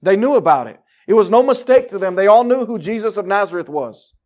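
A man with a high-pitched voice preaches a sermon with fervour. He drops to a near hush, then builds to loud, emphatic declarations. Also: expressive, a little fast. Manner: fervent, swinging from quiet to loud.

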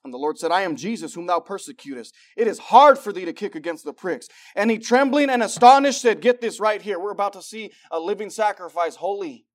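A man preaching with a fairly high voice. He swings between shouting excitement and near-whispered intensity. He acts out little voices to make his point as he reads and explains scripture. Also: fairly quick, hardly any pauses. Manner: acts out voices of God and believers. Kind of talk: sermon.

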